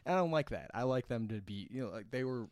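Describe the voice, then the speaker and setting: A man's voice: mid-range voice, lively intonation, fast talker, a little mellow, no room sound, clean studio sound. A man from Minnesota co-hosting a casual chat, explaining his views earnestly and laughing easily.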